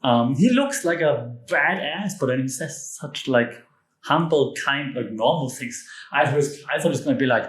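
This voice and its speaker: Brief: European man, solo podcast host, mid-pitched, excitable and joking, recorded in an echoey room. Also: normal speed. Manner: enthusiastic, emphatic, jokey asides. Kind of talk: casual solo podcast monologue.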